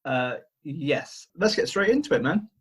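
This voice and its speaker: A husky man retells an old legend on a video-call podcast, with a voice pitched a touch high. He rambles, hesitates and jokes at his own expense as he goes. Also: animated, unhurried. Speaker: podcast co-host retelling a myth. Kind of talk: casual storytelling chat. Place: home, remote call.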